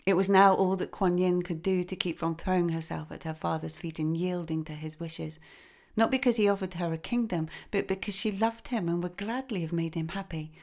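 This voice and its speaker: A woman telling a traditional folk tale in a gentle, expressive reading. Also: fairly low pitch, a little fast. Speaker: storyteller. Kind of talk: storytelling narration.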